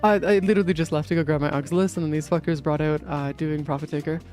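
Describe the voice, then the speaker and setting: A laid-back gaming streamer talks fast in loose, meandering bursts, packed with "uh"s and "like"s and easy, casual swearing. His middle-pitched voice is fairly even in intonation and a little mellow, with faint game music underneath.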